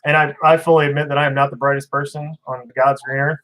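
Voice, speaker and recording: A man's voice: fairly high pitch, little pitch movement, quick pace, fairly bright tone, poor audio. Blunt, rambling man hosting a fishkeeping stream. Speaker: fishkeeping channel host. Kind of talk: casual livestream chat, reading viewer comments.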